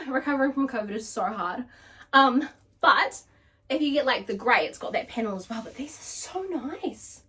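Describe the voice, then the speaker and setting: Brief: young woman vlogger, bubbly and chatty, a touch high, recorded from across the room. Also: lively intonation, moderate pace, sharp tone, far from the mic. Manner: bubbly, gushing, full of "like". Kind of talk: casual try-on haul chat.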